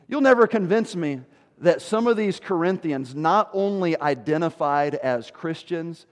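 Preaching with force, this pastor slows and deepens his voice when reading scripture, then rises loudly to hammer his points. The sound has a big-room quality.

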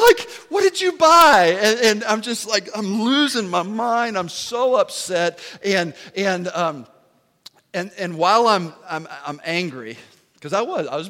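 A man in his forties, a pastor giving a sermon as an animated, joking storyteller. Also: high-pitched, moderate pace. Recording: long hall reverb.

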